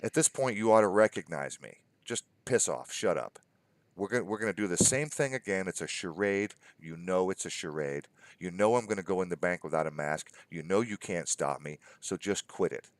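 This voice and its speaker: A man's voice: low voice, animated, fairly quick, no room sound. A man telling stories in a casual conversation, acting out the other people in them with exasperation. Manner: storytelling, quoting others in mock dialogue, exasperated.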